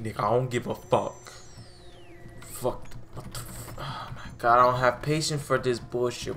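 A man's voice: mid-range voice, fairly even intonation, a little slow, bright, forceful tone. A man commentating his own game playthrough, easily frustrated and cursing constantly, over faint game music. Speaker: gaming channel host. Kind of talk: let's play commentary.

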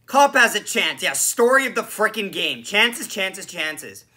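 A man hosts a solo sports podcast and vents over a bad loss, sarcastic and full of swearing. His voice has a very bright, piercing edge. He sounds a touch hoarse from screaming. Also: sits high, measured pace. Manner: animated, swearing, frustrated, sarcastic. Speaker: podcast host. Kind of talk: solo sports reaction rant.

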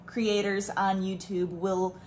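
A young woman chatting to her camera in a casual home vlog. Her voice sits at an ordinary middle pitch and she rambles along with plenty of fillers. A faint hum of home noise stays underneath. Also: little pitch movement, slow pace, darkish tone. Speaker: vlogger. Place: home, on the stairs.

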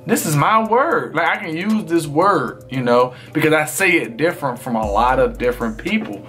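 A man's voice: a little high, lively intonation, moderate pace, a bit bright, soft background music. A man streamer in casual chat with his viewers, talking in a loose, rambling way full of fillers.

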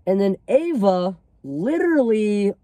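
Mellow-voiced teen guy, rambling storytime. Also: sits high, sing-song, slow, no echo. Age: teenager. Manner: rambling, filler-heavy, swears freely. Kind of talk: casual storytime vlog.

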